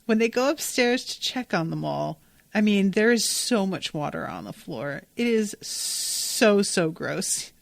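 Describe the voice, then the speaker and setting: A woman's voice: mid-range voice, big pitch swings, unhurried, vocal fry, no echo. A woman hosting a podcast and recapping a TV episode in a casual, gushing way, and she swears freely. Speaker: podcast host.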